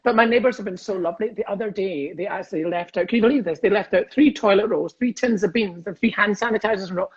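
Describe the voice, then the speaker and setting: A Scottish comedian guest chats cheekily on a video call, laughing often. His voice is high and slightly rough, and he talks fast with hardly any pauses. The audio is lo-fi.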